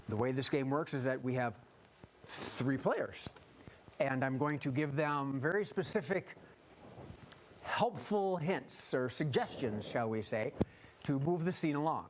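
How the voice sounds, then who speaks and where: A man's voice: medium pitch, lively intonation, a little slow, long pauses, background noise. A man hosting an improv comedy show in a television studio, explaining the game and asking the audience for suggestions.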